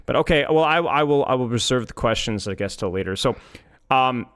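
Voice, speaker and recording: A man's voice: mid-range voice, expressive, a little fast, fairly bright tone, clear, resonant tone. A man coaching a player in a casual chat, joking and teasing as he goes. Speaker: game coach.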